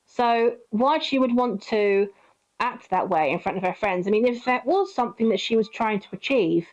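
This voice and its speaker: A woman's voice: a little high, expressive, moderate pace. Rambling woman telling a story. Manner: rambling, with many fillers and acted quotes. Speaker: vlogger. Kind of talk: casual storytime monologue. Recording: dull lo-fi recording.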